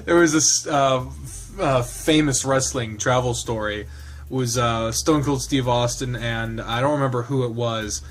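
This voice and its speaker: Male game reader, chatty and laughing, middle pitch. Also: unhurried. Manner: chatty, laughing, lots of fillers. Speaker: game streamer. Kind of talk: reading a visual novel aloud with casual commentary.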